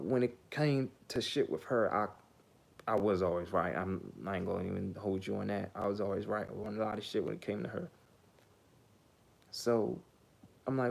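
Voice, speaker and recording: A man's voice: on the low side, unhurried, creaky, pauses often. A man telling a casual story in a blunt, profane, rambling way, full of fillers. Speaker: vlogger.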